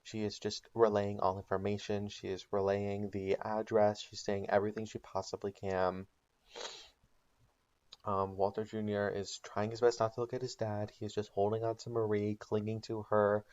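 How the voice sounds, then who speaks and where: A man's voice: on the low side, little pitch movement, moderate pace, a little mellow, lo-fi sound. A man telling a comedic made-up recap of a TV show in a casual storytelling way with ums and likes. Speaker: channel host.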